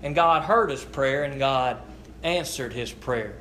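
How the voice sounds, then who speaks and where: A man preaching a sermon as a pastor, earnest and halting, often restarting his sentences. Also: medium pitch, bright, forceful tone, a little hiss or hum. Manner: slow, deliberate scripture reading. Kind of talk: sermon with prayer and scripture reading.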